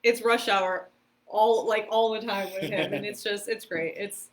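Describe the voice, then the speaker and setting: A woman guest on a podcast, telling stories in a lively, casual way, laughing often and using many fillers. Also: medium pitch, measured pace. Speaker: podcast guest, karate competitor and stunt performer. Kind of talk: casual storytelling interview.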